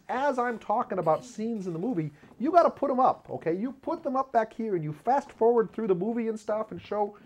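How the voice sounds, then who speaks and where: A man hosts his own show from a small home studio, rambling from one aside to the next and mocking himself as he goes. His voice leaps up in pitch whenever he acts out what someone said, and he laughs at his own jokes. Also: a little hiss or hum. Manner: lively pitch jumps when acting out quotes. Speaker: video show host. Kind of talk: casual comedic monologue. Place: home studio with black curtain behind.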